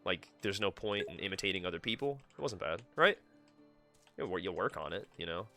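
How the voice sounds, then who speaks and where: A man streams a game with casual, self-directed commentary and plenty of swearing. His voice sits low but sounds bright and forceful. Soft game music runs underneath. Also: lively intonation, a little fast. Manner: swears freely, talks to himself. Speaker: live streamer.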